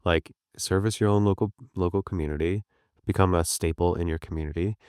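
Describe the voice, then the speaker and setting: Brief: man, very low smooth voice, chatty guest, dry close sound. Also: brisk, dry recording. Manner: relaxed, chatty, storytelling with asides. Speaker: guest on a business podcast. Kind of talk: casual conversation.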